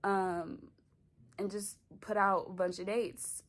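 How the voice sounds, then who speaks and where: Her voice is mid-range and steady in tone, though this young woman cries on and off through an emotional vlog shot in her bedroom. A vlogger and talk show creator, she gushes tearfully and talks in quick spurts crowded with "likes" and fillers.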